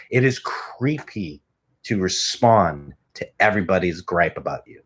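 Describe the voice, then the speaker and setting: This podcast host records at home, speaking close into a studio microphone in a low, expressive voice that is slightly rough and fairly bright. At a measured pace he rambles casually, swears, and pokes fun at himself.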